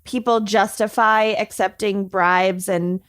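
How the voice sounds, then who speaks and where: A woman's voice: mid-range voice, fairly even intonation, takes it slowly, fairly bright tone. Woman co-host with dry quips. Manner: short dry interjections. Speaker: podcast co-host. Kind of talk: casual chat.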